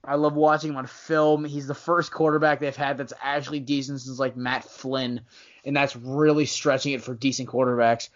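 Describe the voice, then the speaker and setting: A man in a casual sports podcast talks in a rambling, self-correcting way and teases his co-hosts. His voice sits at an ordinary pitch. The sound is dull and lo-fi. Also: flat delivery, moderate pace. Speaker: podcast co-host.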